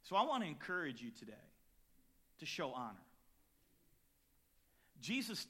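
A man preaching a sermon as pastor, dynamic, shifting between quiet reflective lines and loud emphatic ones, telling personal stories with acted-out quotes. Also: fairly high pitch, sing-song, normal speed. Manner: storytelling with acted quotes and chuckles.

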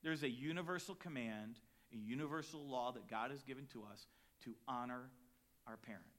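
A man preaching a sermon as pastor, dynamic, shifting between quiet reflective lines and loud emphatic ones, telling personal stories with acted-out quotes. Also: medium pitch, normal speed. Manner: storytelling with acted quotes and chuckles.

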